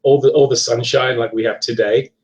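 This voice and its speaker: A middle-aged man from England with a Leicester accent softened by years abroad, chatting as a podcast guest, hesitant and full of ums and restarts. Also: medium pitch, fairly even intonation, a little fast, muffled recording. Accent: Leicester English, partly Americanized. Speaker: guest author and paranormal investigator. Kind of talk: casual live podcast chat.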